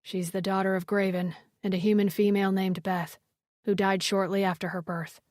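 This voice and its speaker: A woman's voice: medium pitch, flat delivery, normal speed, darkish tone, dry recording, studio quality, close to an everyday voice. A woman voicing a serious, protective alien man in an audiobook.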